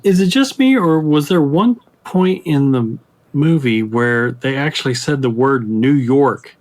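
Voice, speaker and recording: A man's voice: mid-range voice, a little slow, darkish tone. A man on a casual film podcast who makes wry, questioning remarks.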